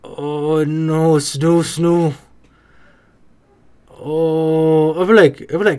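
A casual reaction-video voice that jokes its way through an anime episode. The delivery is slow and drawn out, with mid-range pitch, and it breaks into loud excited outbursts. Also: clear, resonant tone.

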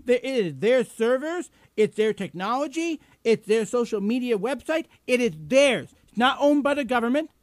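A man with a notably high voice hosts a live political show, ranting sarcastically. He is combative and indignant and stumbles through fillers. The sound is dry and close to the mic. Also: lively intonation, normal speed, few pauses, no echo. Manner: many fillers and restarts. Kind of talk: political commentary rant.

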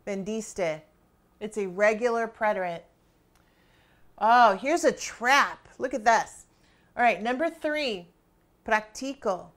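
A woman walks students through a grammar drill in an unhurried, deliberate way, asking a question and then pausing to let them think. Her voice sits a little higher than most. She is encouraging and keeps checking in with them. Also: fairly bright tone. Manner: encouraging, quizzing students with pauses and rhetorical questions. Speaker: Spanish teacher. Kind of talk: classroom grammar lesson.

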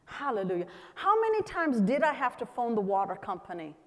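A woman pastor preaching a sermon with fervor, breaking into shouted exclamations and acted-out pleas. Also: on the high side, very animated, fairly quick. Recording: long hall reverb.

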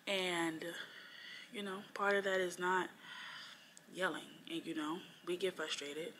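A woman's voice: lowish voice, steady tone, a little slow, fairly bright tone, a little hiss or hum. A young woman, a first-year teacher, talking through her week in a casual, reflective vlog chat, rambling a little with lots of fillers.

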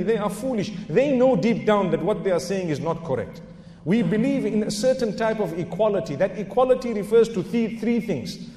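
Middle-aged guy giving an emphatic sermon, high-ish voice, dark mellow tone, lots of hall echo. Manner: emphatic, rhetorical questions, sprinkled with Arabic phrases. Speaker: Islamic preacher. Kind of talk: religious lecture. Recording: echoey hall reverb.

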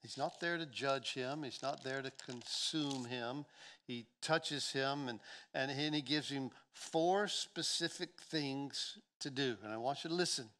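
A man's voice: medium pitch, unhurried, pushed and bright. A male pastor preaching a sermon, building with passion and stumbling over repeated words as he speaks.

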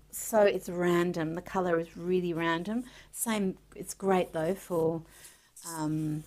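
Chatty, excitable woman artist. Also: medium pitch. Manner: chatty, excitable, talks to herself while drawing. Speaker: artist demonstrating art supplies. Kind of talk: casual art tutorial chat.

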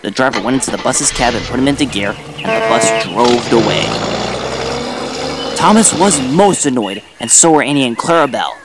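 A man narrating a children's railway story, clear and even. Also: mid-range voice, normal speed, heavy background noise.

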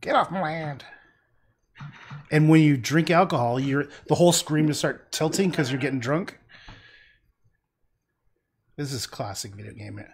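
A man's voice: on the high side, moderate pace, long pauses, slight background noise. A man chatting casually on a livestream while he paints, rambling and talking to himself about the canvas.

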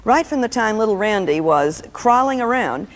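A woman's voice: mid-range voice, animated, normal speed. An older woman giving an anecdotal teaching talk, telling stories with humor. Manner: storytelling with humor. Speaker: Christian speaker teaching on personality types. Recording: long reverb, old VHS tape.

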